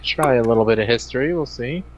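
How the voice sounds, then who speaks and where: A man's voice: medium pitch, quick pace, a little hiss or hum. A man playing in a tabletop game, chatting and joking about his character. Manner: joking, animated. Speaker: player. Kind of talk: casual tabletop game chat.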